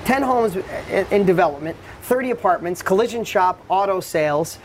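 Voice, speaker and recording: A middle-aged man telling his life story as a podcast guest, animated and blunt, swearing freely. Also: high voice, normal speed, slight background noise. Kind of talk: candid storytelling.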